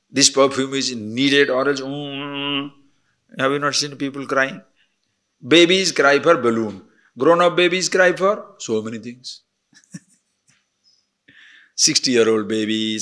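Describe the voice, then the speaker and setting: Older guy giving a spiritual discourse, sharp bright tone, lively, chuckles a lot. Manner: animated, swings between emphatic highs and soft murmurs, laughs often. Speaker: spiritual teacher.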